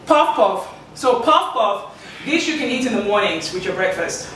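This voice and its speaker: Bright high-voiced woman. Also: sing-song, normal speed, a little hiss or hum. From Nigeria. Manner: patient, explains dishes step by step. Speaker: host. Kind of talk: casual chat over a home-cooked meal. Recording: echoey room, distant mic.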